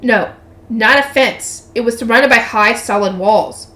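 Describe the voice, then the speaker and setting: Woman reading a novel out loud, kinda high voice, chatty side comments, echoey room. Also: measured pace. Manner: chatty asides, swears, laughs at herself. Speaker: channel host reading a novel aloud. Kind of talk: reading a light novel aloud with casual commentary. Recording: roomy echo.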